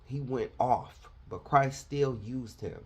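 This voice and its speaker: A man's voice: medium pitch, slow, darkish tone, husky. A man preaching a confrontational, fiery sermon, lecturing his listeners.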